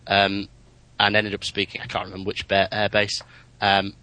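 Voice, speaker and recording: A man in casual chat about flying, chatty and anecdotal, getting animated in his stories. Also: lowish voice, moderate pace, no room sound, rough recording. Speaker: podcast co-host, private pilot.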